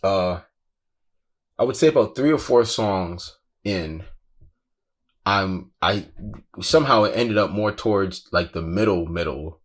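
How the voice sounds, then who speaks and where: A man's voice: deep voice, animated, a little slow, long pauses. A man casually recounting a tense first-hand story, slangy and profane, saying "bro" constantly. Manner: intense, breathless retelling. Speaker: guest recounting a festival crowd crush.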